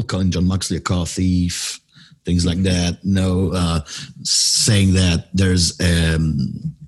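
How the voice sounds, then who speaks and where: Husky French-accented wrestling announcer. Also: male voice, low voice. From France. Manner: animated, explains at length, searches for words. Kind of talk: interview conversation.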